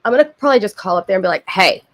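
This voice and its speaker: Woman livestreamer, under the weather and sniffly, blunt and chatty, middling pitch. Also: lively intonation, racing. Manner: blunt, profane, chatty with frequent asides. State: sick with a cold, sniffling. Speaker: livestream host. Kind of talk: casual chat with live chat viewers.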